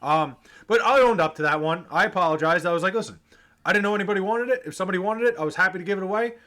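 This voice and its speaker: Man, high bright voice, casual storytelling, swears a lot, acts out other people's lines. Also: very fast. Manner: animated, profane, acts out the people in his stories. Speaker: vlogger telling fan stories.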